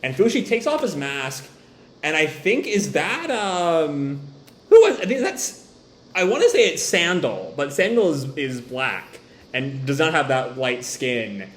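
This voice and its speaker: Animated man in an echoey room. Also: fairly high pitch, measured pace. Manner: animated, laughs often, tangents. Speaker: manga reaction host. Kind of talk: casual reading and commentary.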